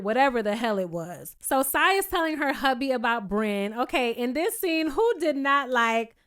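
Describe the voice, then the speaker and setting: Woman doing a chatty reality show recap, smooth clear voice, kinda high. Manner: chatty and animated, quoting cast members in playful voices. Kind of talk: casual recap commentary.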